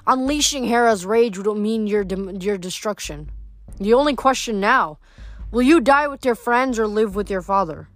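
A woman reading as a rumbling cruel giant. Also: expressive, moderate pace, no echo, lightly acted. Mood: menacing. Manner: low rumbling taunts. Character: menacing male giant, huge, cruel and patient.

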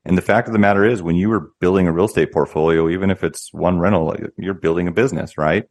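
Man, very low voice, interview guest, explanatory, conversational restarts. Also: fast, darkish tone. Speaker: guest, real estate company founder.

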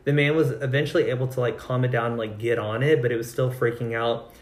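A man's voice: mid-range voice, steady tone, fast talker. Chatty man telling a ghost story. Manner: chatty, swears freely, acts out quotes. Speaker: podcast co-host. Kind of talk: casual storytelling. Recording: echoey room.

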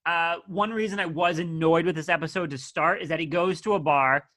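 Bright-voiced sarcastic man. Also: fairly high pitch, steady tone, brisk. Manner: blunt, sarcastic, critical. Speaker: podcast co-host reviewing a TV episode. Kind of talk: casual chat.

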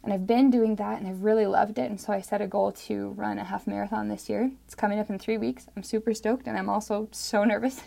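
A woman's voice: medium pitch, fairly even intonation, fairly quick, creaky, few pauses, dark tone. A woman in her thirties telling a personal story, then reading her own spoken-word poem earnestly, often dropping to a whisper.

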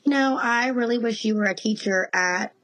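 A woman in her thirties, a guest in a casual interview, telling animated stories and laughing often. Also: a little high, moderate pace, low-quality recording.

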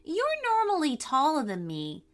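Woman doing a high, eager young girl. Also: wildly swooping pitch, a little slow, a bit bright, full character voice. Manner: eager, breathless wonder. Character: hopeful excited young girl exploring.

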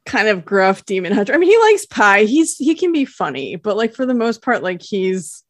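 A woman's voice: medium pitch, big pitch swings, normal speed, dry recording, clean studio sound. A woman co-hosting a podcast, chatting and laughing as she recaps a TV episode and quotes the characters. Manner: chatty and giggly, quotes characters in a lightly acted voice. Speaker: podcast co-host. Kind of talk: casual episode recap chat.

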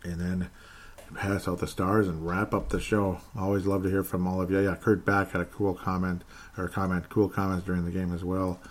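A man hosts a casual sports talk show, reading listener comments aloud and chatting with frequent laughs, briefly putting on a joking Canadian accent. His voice is low-pitched with little pitch movement, at a moderate pace.

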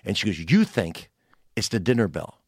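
A man's voice: fairly low pitch, moderate pace, breathy edge, no echo, studio quality. A man in his sixties, a comedian guest on a podcast, telling a long story in casual chat and acting out the lines of people in it. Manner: animated storyteller, acts out quotes.

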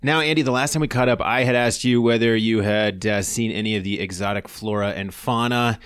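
A man hosting a podcast, talking in a quick, upbeat, chatty way as he opens the show and questions his guest. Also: on the low side, fairly bright tone, smooth, no room sound, clean studio sound. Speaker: podcast host. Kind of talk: casual podcast interview. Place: Boulder, Colorado studio.

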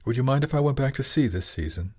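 A man voicing a calm, dreamy husband who works as a shaman and speaks quietly and simply. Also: mid-range voice, fast talker, breathy edge, voice pushed up.

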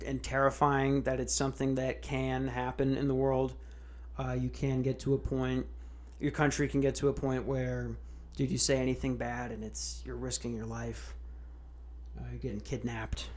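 A man's voice: medium pitch, level tone, moderate pace. A man hosting a podcast, ranting in a casual, sarcastic way with lots of swearing and restarts. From United States. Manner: profane, sarcastic, rambling with restarts. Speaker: podcast host. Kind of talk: casual comedic rant.

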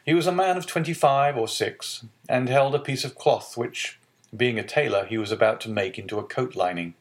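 Steady male audiobook narrator. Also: mid-range voice, brisk. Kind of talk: scripted narration.

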